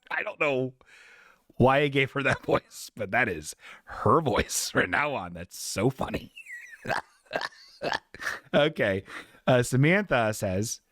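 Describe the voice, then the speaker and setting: A man's voice: medium pitch, expressive, slow, pauses often, fairly bright tone, no echo, studio quality. A man hosting a live podcast, reading out chat messages in a loose, jokey way, swearing freely and slipping into silly voices for the people he quotes. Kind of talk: casual live-stream chat.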